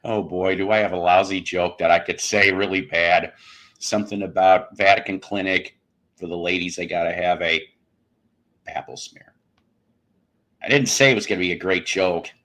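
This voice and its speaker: A man's voice: low-pitched, fairly even intonation, moderate pace, fairly bright tone. A man hosting a rambling, comedic livestream show, cracking bad jokes, laughing at them himself and reading out viewers' messages. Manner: jokey, laughs at his own jokes; reads out chat messages.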